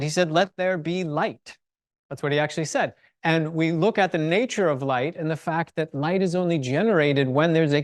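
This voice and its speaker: A middle-aged speaker giving a casual faith and science talk to a live audience at a university building, enthusiastic, chatty and quick to joke about themselves. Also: mid-range voice, dry recording, clean studio sound. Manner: enthusiastic, chatty, self-deprecating humor. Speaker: chapel speaker and teacher.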